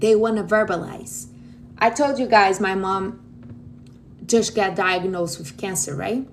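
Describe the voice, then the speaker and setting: A woman's voice: medium pitch, a little hiss or hum. A woman from Brazil with a Brazilian accent, hosting a livestream and giving blunt, outspoken advice to her viewers, calling them honey. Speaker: livestream host. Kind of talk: casual direct advice to viewers.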